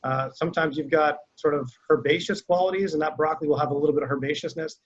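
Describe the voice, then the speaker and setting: Male winery rep: easygoing, filler-heavy tasting talk, slightly raised pitch, muffled video-call audio. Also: quick pace. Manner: relaxed, conversational, many fillers.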